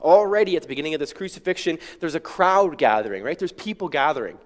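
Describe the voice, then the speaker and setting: A fairly high-voiced man preaching with an easy, conversational manner. He keeps checking in with the room with quick rhetorical questions. His voice rings out with a long reverb, as in a church sanctuary. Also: animated. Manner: conversational, uses rhetorical "right?". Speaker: pastor. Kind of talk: sermon.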